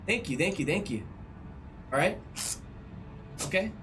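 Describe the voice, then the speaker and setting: A man's voice: sits high, expressive, normal speed, pauses often, slight background noise, rough recording. A male game streamer chatting casually and joking with his live chat. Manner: joking, playful banter with chat.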